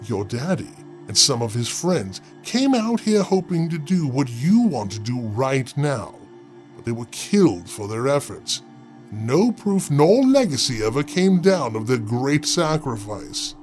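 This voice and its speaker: A man's voice: medium pitch, sing-song, a little mellow, faint music behind. A man playing a grand, mysterious librarian. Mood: grave, gentle. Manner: grave, measured and theatrical. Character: mysterious, self-assured male librarian, grandiose mentor. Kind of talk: audio drama acting.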